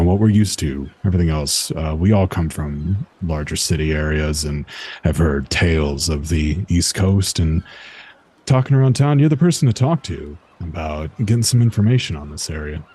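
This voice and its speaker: Very deep, dark-voiced man at a game table. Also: animated, normal speed, breathy edge. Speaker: player. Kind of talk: casual tabletop play.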